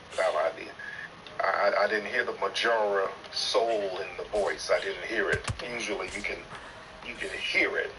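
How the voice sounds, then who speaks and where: Male chat host, mock-stern roaster, loud bursts; distant, noisy capture. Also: lowish voice. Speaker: host of a live audio chat stream.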